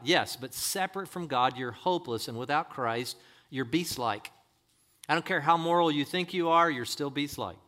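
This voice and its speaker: A man's voice: on the high side, normal speed, pushed and bright. A man preaching a sermon, emphatic and direct, firing rhetorical questions at the congregation.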